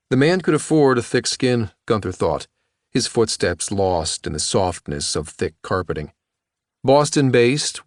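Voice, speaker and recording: Low-voiced male audiobook narrator. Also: no echo, studio quality. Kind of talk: scripted narration.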